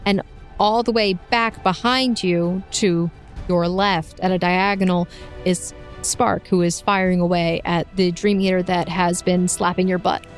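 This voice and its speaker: A woman narrating as game master of a tabletop game, lively and playful, often laughing. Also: lowish voice, a little slow, soft background music.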